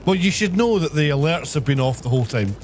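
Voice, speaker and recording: A man's voice: a little high, sing-song, fast, darkish tone, slight background noise. A young man livestreaming, telling a long profane story to his chat and acting out the people in it. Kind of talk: casual storytelling on a live stream.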